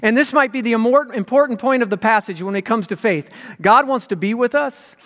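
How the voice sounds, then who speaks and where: A man preaching a sermon as pastor, swinging from loud emphasis to hushed whispers. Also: very high-pitched, fairly quick. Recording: long hall reverb.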